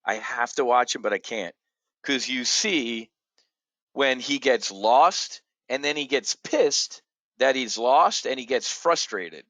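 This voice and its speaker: A man hosting an opinionated market commentary show, blunt and combative, jumping from loud outbursts to low muttering. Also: takes it slowly, dry recording. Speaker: options trading show host.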